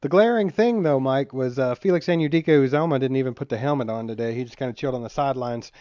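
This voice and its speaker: A man's voice: mid-range voice, fast talker, a little mellow, no room sound, highs cut off. A man co-hosting a sports podcast, easygoing in casual chat and laughing often. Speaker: podcast co-host.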